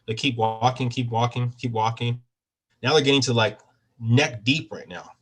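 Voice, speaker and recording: A man's voice: medium pitch, moderate pace, a bit bright, poor audio. A man giving a casual real estate training talk over a video call, often checking in with tag questions.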